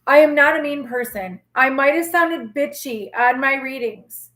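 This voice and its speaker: A woman's voice: sits high, a little slow. Sassy New woman, roomy echo. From New York. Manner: candid, sassy and feisty, rambling; forceful tone that can sound like yelling. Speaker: tarot reader and channel host. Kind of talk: casual live-stream talk to viewers. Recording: echoey room.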